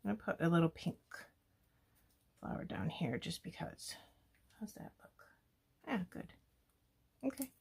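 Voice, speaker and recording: A woman hosting a scrapbooking video, chatting and thinking aloud as she works, often dropping to a soft murmur. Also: fairly low pitch, big pitch swings, moderate pace, vocal fry, long pauses, slightly rough. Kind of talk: casual crafting talk-through.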